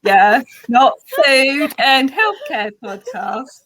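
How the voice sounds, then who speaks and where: A woman's voice: high voice, big pitch swings, extremely slow, a bit bright. A British woman hosting a podcast in casual, giggly chat. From Britain. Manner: giggly, chatty. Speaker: podcast host.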